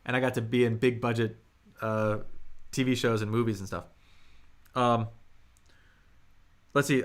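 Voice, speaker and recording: A man's voice: medium pitch, little pitch movement, measured pace, pauses often. A young man teaching Mandarin on a live stream, chatting casually, answering viewers and sounding out the tones. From United States. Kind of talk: live-streamed language lesson.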